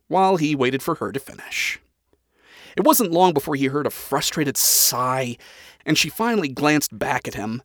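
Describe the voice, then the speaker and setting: A man reading a story aloud as narrator, in an even, dryly expressive manner. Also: fairly high pitch, no room sound, studio quality.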